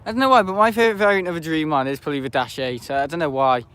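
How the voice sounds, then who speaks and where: A man's voice: a little high, racing, fairly bright tone, clear, resonant tone. Chatty man rambling outdoors. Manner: rambling, chatty, self-correcting. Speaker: planespotting livestreamer. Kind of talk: casual live commentary. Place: outdoors beside an airport.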